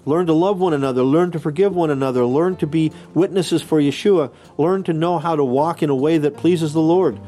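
A man teaching a Bible lesson in a podcast lecture. His voice sits a little high but sounds warm and mellow. He reads passages aloud and walks through Greek words point by point. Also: brisk, hardly any pauses.

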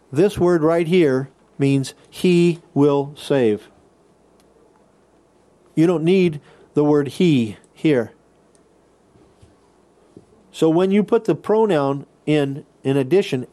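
A man's voice: on the high side, mellow. A man teaching a Bible lesson on a podcast, reading quoted passages aloud and explaining Greek words step by step.

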